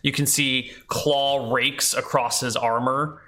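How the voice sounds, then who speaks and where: A man's voice: medium pitch, level tone, slow, bright, forceful tone. A man running a tabletop game as game master, narrating casually with lots of fillers.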